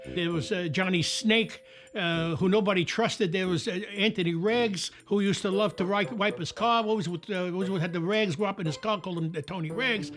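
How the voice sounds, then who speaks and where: An older man, telling anecdotes about his childhood in a documentary interview. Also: high-pitched. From New York. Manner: animated anecdotal storytelling. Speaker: storyteller.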